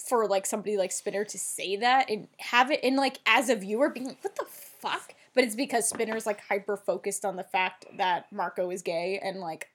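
A woman co-hosting a casual podcast chat, recapping a TV episode in an animated, chatty way with casual swearing. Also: medium pitch, fairly quick, hardly any pauses, husky. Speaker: podcast co-host.

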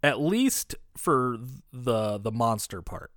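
A man co-hosting a podcast, retelling a horror movie in casual, profane chat and dropping into quick impressions. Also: mid-range voice, very animated, fairly bright tone, dry recording, clean studio sound. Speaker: podcast co-host.

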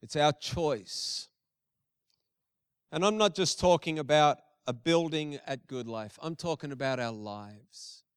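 A man's voice: on the high side, slow, smooth, no echo, clean studio sound. A middle-aged male pastor giving a conversational sermon with emphatic repetition.

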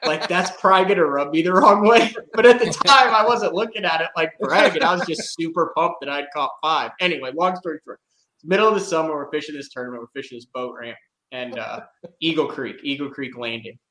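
A man's voice: a little high, fairly quick, pushed and bright, slight background noise. A man telling a fishing story in casual podcast chat, rambling with lots of "like" and laughing as he goes. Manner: rambling, many "like" fillers, laughs while telling. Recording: roomy echo.

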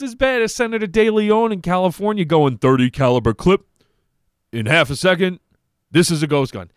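A man's voice: high voice, moderate pace, clear, resonant tone, no room sound, clean studio sound. A man, hosting a podcast and giving heated, profane, sarcastic commentary on clips. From New York. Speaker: podcast host.

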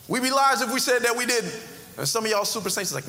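A man's voice: very high voice, lively intonation, quick pace, pushed and bright. A male pastor preaching a conversational sermon in a church, with sudden emphatic rises. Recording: long hall reverb, faint background noise.

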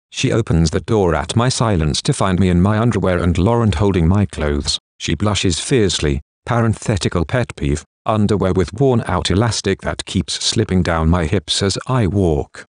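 A man narrates a first-person novel for an audiobook in a deep, low voice. His reading is measured and even, and the sound is dry and close, with no room echo.

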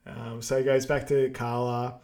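Laid-back podcast co-host. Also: male voice, mid-range voice, level tone, normal speed, a little mellow. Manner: laid-back, with frequent ums and short agreements. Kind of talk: casual chat recapping a film.

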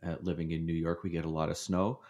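Man, low voice, wry self-mocking, casual podcast chat. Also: flat delivery, fast, darkish tone, highs cut off. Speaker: podcast co-host.

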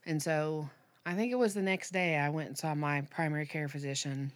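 Her voice is deep, and she's a woman in her thirties telling a personal story as a podcast guest. She's candid, though her delivery is full of fillers and halting restarts.

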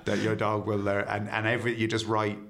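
A man's voice: on the low side, fairly quick, vocal fry. A man co-hosting a podcast, chatting casually and acting out voices and barks as he tells stories. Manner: animated storyteller, acts out voices and barks. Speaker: podcast co-host. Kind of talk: casual chat.

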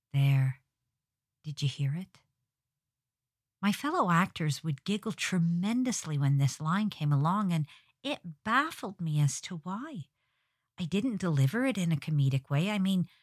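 A woman's voice: low-pitched, no echo. Dry-voiced wry woman podcast host. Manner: wry, storytelling, hits hard g's. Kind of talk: scripted podcast monologue.

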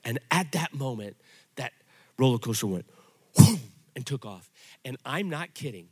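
A middle-aged man pastor giving a sermon, telling stories in an animated, conversational way. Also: medium pitch, normal speed, breathy edge.

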